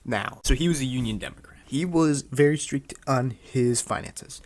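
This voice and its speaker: A man's voice: mid-range voice, moderate pace. A tired man giving casual, rambling political commentary with a sarcastic edge. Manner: rambling, sarcastic, self-interrupting.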